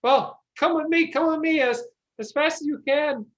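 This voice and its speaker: A woman's voice: high-pitched, normal speed, muffled recording, pitched above the performer's own voice, lightly acted. A woman voicing an anxious, humble peasant man who pleads eagerly for help. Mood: eager, pleading.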